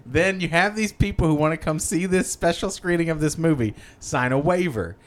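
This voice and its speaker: A man riffing in casual comedic banter with friends, animated and joking. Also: on the high side, moderate pace. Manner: animated, joking, loud bursts of laughter.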